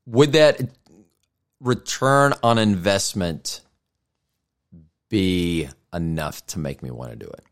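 A middle-aged American man talks alone into his podcast mic in a very deep, low voice. He rambles casually, thinks out loud and makes fun of himself along the way. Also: sing-song, takes it slowly, smooth. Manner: rambling, self-deprecating, thinks aloud. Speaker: podcast host. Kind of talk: casual solo podcast monologue.

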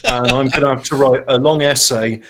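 A man in casual podcast chat, deadpan and mock-serious, telling anecdotes with hesitations. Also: medium pitch, fairly quick. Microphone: microphone with adjustable gain.

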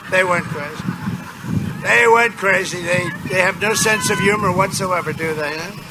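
A man's voice: sits high, moderate pace. A man giving a rambling, boastful campaign rally speech, repeating his phrases, outdoors. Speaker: political candidate at a campaign rally. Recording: loud outdoor noise behind.

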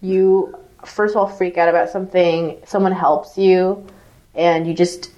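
A woman co-hosting a podcast, telling an animated, profanity-laced story full of "like" fillers in casual chat. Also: lowish voice, measured pace, dull audio. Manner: animated, swearing, lots of "like" fillers. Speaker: podcast co-host.

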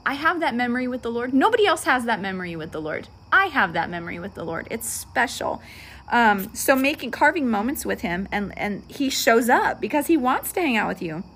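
A woman in her thirties hosting a faith podcast alone at home, telling personal stories and acting out the voices in them. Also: medium pitch. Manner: animated storyteller, acts out quoted voices. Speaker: podcast host.

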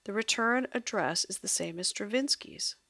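A woman voicing a clever, wry male musician who thinks out loud in a read-aloud story. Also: mid-range voice, moderate pace, dry recording. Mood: explaining.

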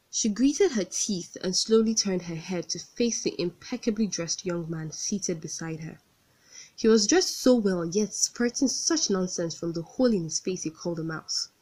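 A woman's voice: fairly low pitch, darkish tone. A Nigerian woman hosting a podcast, who talks casually and earnestly and reads one of her own stories aloud. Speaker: podcast host. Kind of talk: casual podcast talk and storytelling.

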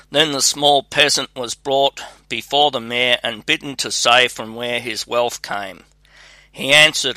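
A man reads a fairy tale aloud at a slow, measured pace. His tone is very bright and forward. The sound is dry and close to the mic. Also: mid-range voice, dry recording. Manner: measured, even read-aloud delivery. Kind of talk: storybook narration.

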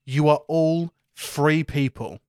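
A man narrating a tabletop game as game master in a relaxed, hesitant way. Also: on the high side, slow pace, no room sound.

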